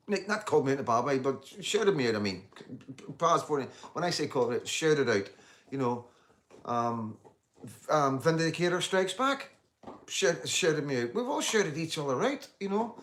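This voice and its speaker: A man's voice: on the high side, a bit bright. A man, hosting a casual livestream and talking bluntly to viewers, swearing freely as he reads out their comments. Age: 50s. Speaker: livestream host.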